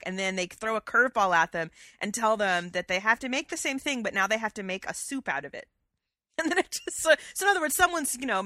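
A woman co-hosting a podcast in casual, animated chat, laughing easily and filling gaps with ums. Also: medium pitch, no room sound, studio quality. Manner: chatty and animated, laughs easily, many fillers. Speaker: podcast co-host.

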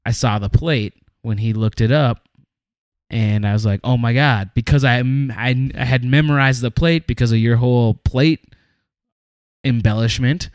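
A man's voice: mid-range voice, a little slow, dry recording, clean studio sound. A man co-hosting a podcast, laid-back and wry while laying out theories. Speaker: podcast co-host. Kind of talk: casual podcast chat.

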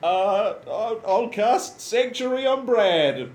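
Male player, high voice, stumbling delivery, echoey venue. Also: lively intonation, takes it slowly, heavy background noise. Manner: stumbling, repeats words. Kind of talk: live tabletop game play.

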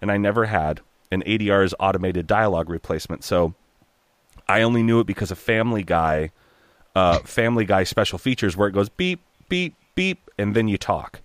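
A man from Oregon, a voice actor, telling a story in an animated, profane way and slipping into character voices. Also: fairly low pitch, a little fast, no room sound. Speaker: guest voice actor. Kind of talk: casual storytelling.

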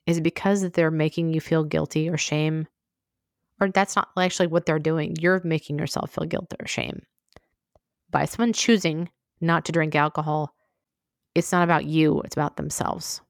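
Woman podcaster chatting straight to you, low-ish voice, frank, lots of asides, dry close mic. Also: fairly even intonation, normal speed, vocal fry, no echo. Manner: frank, conversational, full of asides. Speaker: podcast host. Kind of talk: candid solo podcast monologue.

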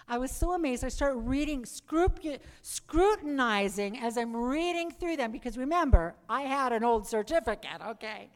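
A middle-aged woman giving her conversion testimony to a live audience, telling her story in a lively way and calling for "Amen.". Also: a little high. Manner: lively storyteller who calls for "Amen" and "Praise the Lord". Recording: long reverb of a hall.

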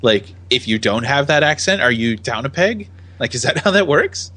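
Bright-voiced curious man. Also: medium pitch, sing-song, normal speed. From United States. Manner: curious, asks questions, laughs often. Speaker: podcast co-host. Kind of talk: casual chat.

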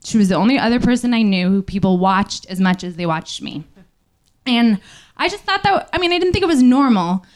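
A woman telling a personal story on stage at a small live venue, speaking candidly and haltingly, with many fillers, into a stage microphone. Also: fairly high pitch, expressive, darkish tone.

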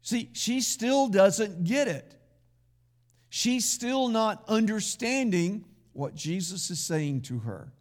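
A man's voice: high-pitched, expressive, takes it slowly. A man pastor preaching a sermon in a folksy, conversational way, with asides to the congregation.

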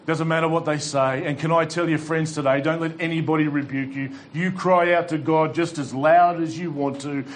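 A male pastor preaching a sermon to a congregation, fervent and exhorting, with dry humorous asides. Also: on the high side. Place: church hall with congregation.

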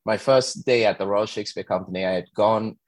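A man, an actor, speaking in a conversational interview about his work, an animated storyteller who leans into his phrases. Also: lowish voice, brisk, no echo. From England. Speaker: actor and guest.

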